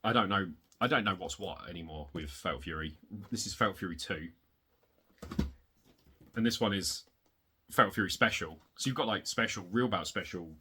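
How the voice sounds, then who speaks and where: A man showing off his retro game collection in a casual, rambling way, excitable and swearing, getting worked up in rants, hot and sweaty. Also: normal speed, pauses often, a little hiss or hum. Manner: excitable, swearing, rants with big pitch jumps. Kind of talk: casual rambling show-and-tell.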